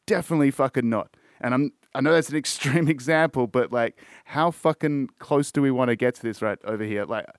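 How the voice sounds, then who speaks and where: A man's voice: mid-range voice, no room sound, clean studio sound. An Australian man hosting a podcast, ranting in casual chat with constant swearing and repeated words. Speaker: podcast host.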